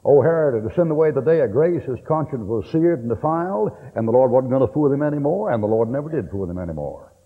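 A man's voice: mid-range voice, expressive, fast, few pauses, husky. A middle-aged man preaching a sermon in a blunt, folksy way, cracking jokes as he goes. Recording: old tape, tinny and echoey hall.

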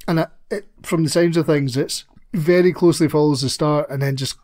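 On a podcast he co-hosts, a man chats casually about films, swearing a lot and wandering off into rambling asides. He talks a little fast in a steady voice with fairly high pitch and a darkish tone.

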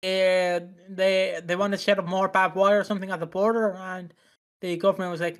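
A man's voice: high voice, flat delivery, normal speed, a bit bright. A young man co-hosting a casual podcast, joking and giggling, often swearing. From Britain. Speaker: podcast co-host. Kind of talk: casual chat.

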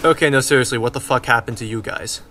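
A young man commenting on a video game he is playing, excitable and swearing, often yelling at the game. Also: mid-range voice, quick pace. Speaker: let's play gamer. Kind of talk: gameplay commentary. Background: game music.

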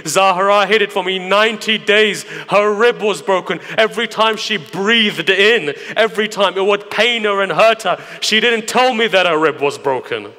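A man preaching a grieving, impassioned mourning sermon, moving from hushed asides to loud lament in a large hall. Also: high voice, moderate pace, few pauses. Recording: long hall reverb.

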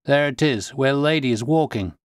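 A male storyteller lightly acts out a crisp, commanding gentleman detective who is sharp-witted and quick to give orders. His mid-range voice is pushed up, raised, energetic, and brisk. The recording is dry and close, with no echo.

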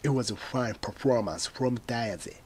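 A man reading dictionary definitions and example sentences in short, measured phrases. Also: mid-range voice, breathy edge. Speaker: dictionary entry reader.

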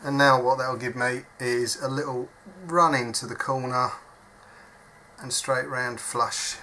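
A man's voice: mid-range voice, steady tone, unhurried, pushed and bright, slight background noise. A man talking through a soldering job at his workbench, chatty and self-mocking as he thinks aloud. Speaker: hobby electronics modder. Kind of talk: casual step-by-step workbench demonstration. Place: at a workbench indoors.

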